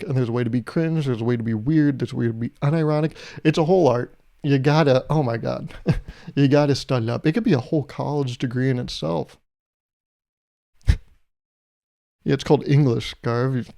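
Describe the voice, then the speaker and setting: A young man hosts his own podcast alone. He rambles comically, mocks himself and plays out small imagined conversations. His voice is mellow and sits at a middle pitch. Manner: self-mocking, plays out imagined exchanges. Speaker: podcast host. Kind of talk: solo comedic podcast monologue.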